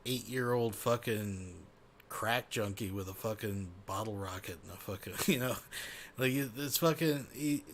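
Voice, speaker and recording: A man hosts a reaction commentary, cutting in with crude, sarcastic jabs. His swearing is heavy and his delivery is dry and mocking. His voice sits at an average pitch for a man. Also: a bit bright. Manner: profane and mocking. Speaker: commentary host.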